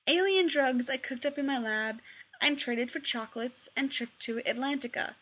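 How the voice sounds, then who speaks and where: A woman's voice: high-pitched, normal speed, fairly bright tone. Woman doing a dry, wry male officer. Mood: defensive. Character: laid-back wry male military officer.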